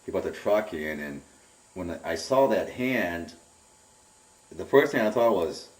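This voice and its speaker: A middle-aged man giving a rambling, animated personal account in an interview, often repeating his words. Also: low voice, unhurried. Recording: roomy and distant from the mic.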